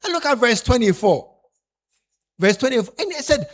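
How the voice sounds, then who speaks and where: A man's voice: very high voice, moderate pace. A man preaching a sermon, telling the congregation to turn to their neighbors and often repeating himself. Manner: animated, repeats himself, tells listeners to tap their neighbor.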